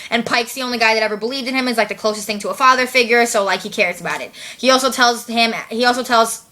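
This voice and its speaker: Woman vlogger, bright higher voice, slangy casual movie recap. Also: fast. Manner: chatty, slangy, heavy use of "like", swears.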